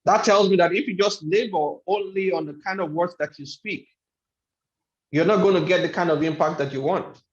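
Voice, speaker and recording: A man delivers a motivational lecture in a fairly high voice, hammering home his points by repeating them. The sound is dull and lo-fi, with a noticeable echo from the room around him. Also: moderate pace. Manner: emphatic, repeats key phrases for effect. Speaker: webinar speaker on life skills.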